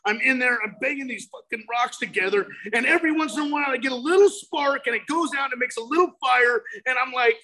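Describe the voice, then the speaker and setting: A man's voice: very high voice, fast, few pauses, bright, forceful tone, low-quality recording. A man giving a personal recovery talk, telling his story with emphatic outbursts and vivid storytelling. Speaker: recovery speaker.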